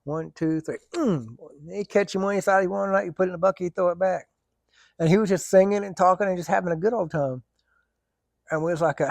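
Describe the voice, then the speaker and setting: A man spins rambling, colloquial stories for his vlog, laughing often along the way. His voice sits a bit high with a gravelly grain. The recording is close and dry. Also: lively intonation, normal speed, no echo. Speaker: vlogger. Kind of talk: casual storytelling.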